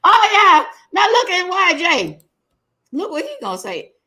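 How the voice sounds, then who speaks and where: A woman hosting a casual chat, animated and joking, laughing often as she talks. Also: extremely high pitch, slow. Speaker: host.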